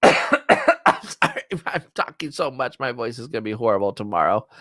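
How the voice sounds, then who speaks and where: A middle-aged man hosting a casual livestream chat, excitable and rambling as he reminisces. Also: medium pitch, normal speed, dry recording, studio quality. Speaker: livestream host. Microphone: streaming setup, close mic.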